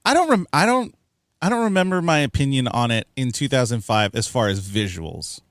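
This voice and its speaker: A man co-hosting a film review podcast, talking in a chatty, animated way with plenty of fillers. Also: medium pitch, fairly quick, no room sound, clean studio sound. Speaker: podcast co-host. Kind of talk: casual film review chat.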